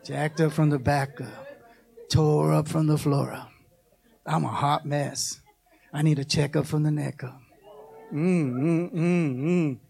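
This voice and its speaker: A man preaching a sermon as pastor, with call-and-response and passages that climb into shouted, half-sung pleas. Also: a little high, steady tone, slow pace, creaky, long pauses.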